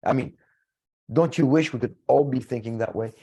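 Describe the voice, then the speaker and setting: A man giving an earnest lecture-style presentation with slides, talking in a halting way with frequent restarts and repeated words. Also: mid-range voice, dark tone. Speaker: conference speaker presenting slides.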